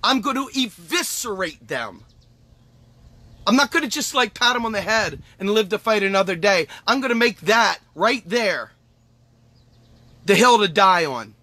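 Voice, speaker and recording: A man's voice: high voice, lively intonation, measured pace, bright, forceful tone, no room sound. A man delivering an angry, emphatic political monologue as host, swearing and repeating lines for effect. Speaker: podcast host.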